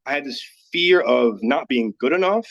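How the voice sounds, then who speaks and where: A candid Dallas, Texas man, a yoga teacher guesting on a podcast, tells a personal story in casual chat, his medium-pitched voice animated, a bit bright and moderately paced. Earnest and filler-heavy with frequent "like," he's captured in dull lo-fi audio.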